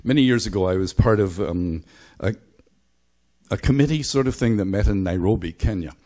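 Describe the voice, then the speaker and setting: A man's voice: lowish voice, expressive, moderate pace, mellow. A middle-aged or older man from Belfast giving a sermon as pastor, speaking thoughtfully with frequent halts and restarts. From Belfast, Northern Ireland. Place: church.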